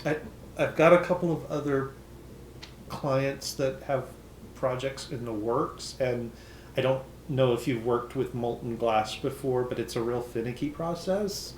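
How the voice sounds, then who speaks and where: A busy, practical glassmaker woman as a man voices her in a tabletop game. The voice is matter-of-fact and sits at a middle pitch, with a few small hesitations. The recording carries a roomy echo. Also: measured pace, a little hiss or hum, lightly acted.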